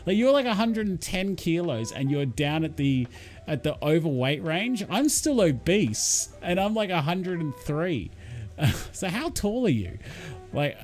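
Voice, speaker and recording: Chatty guy with rambling talk. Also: a little high. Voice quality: rambling, full of fillers and restarts, chummy. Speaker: channel host reading live chat. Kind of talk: casual livestream chat.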